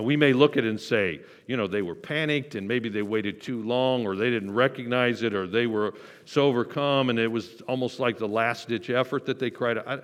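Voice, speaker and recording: A man preaching a sermon, animated, acting out quoted voices with sudden jumps in pitch and loudness. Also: in a large hall. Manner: animated, acts out the disciples' panic in quoted voices. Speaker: pastor.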